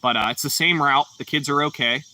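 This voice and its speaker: Streaming casually and reading comments, a bright-voiced man from Pittsburgh, Pennsylvania, chats in a laid-back, rambling way full of fillers. His voice runs on the high side and a little fast, picked up from a distance.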